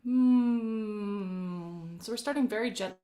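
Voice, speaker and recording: A woman vocal coach leading a live-streamed warm-up, speaking gently and encouragingly and greeting viewers by name. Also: medium pitch, normal speed. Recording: roomy echoey live-stream audio.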